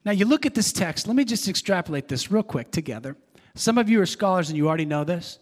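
A man's voice: high voice, animated, moderate pace, big-room sound. A man preaching a sermon as pastor, earnest and conversational, repeating himself and adding asides.

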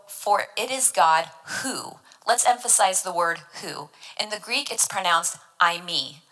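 Earnest woman teaching scripture, bright tone. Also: medium pitch, low-quality recording. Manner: earnest, emphatic, explains scripture word by word. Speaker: devotional teacher. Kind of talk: devotional Bible teaching.

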